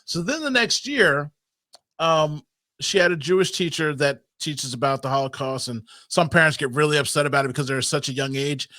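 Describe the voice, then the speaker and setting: A male host with a bright, forceful voice that sits on the higher side. He talks over a video call in an animated, storytelling way. The sound is close and dry. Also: a little fast, no echo. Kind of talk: casual conversation.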